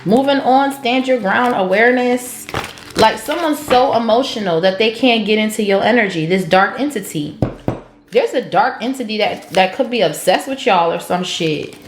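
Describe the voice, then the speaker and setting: Blunt, cursing tarot reader, woman, highish voice, roomy echo with soft music under. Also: moderate pace, slight background noise. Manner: blunt, profane, sings song snippets. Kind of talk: casual tarot reading. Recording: echoey room with faint music.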